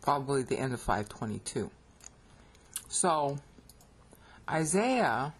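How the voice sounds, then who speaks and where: This is an American-accented Bible teacher talking over a screen recording, with a husky, slightly rough voice that sits at an ordinary middle pitch. They explain step by step and keep checking in with the listener, tossing in a quick "okay?" or "all right?" between points. It sounds like a computer mic at a desk. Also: very animated. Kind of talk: screen-recorded lecture narration.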